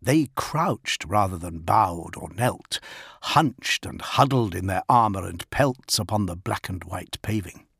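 A man reading an audiobook as narrator, measured and quiet. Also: low voice, lively intonation, creaky, husky, dry recording, studio quality. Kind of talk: scripted narration.

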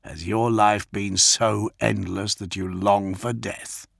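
A man voicing a stern, scheming male warrior-priest in a slow, measured, menacing way. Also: fairly low pitch, steady tone, creaky, dry recording, studio quality, full character voice.

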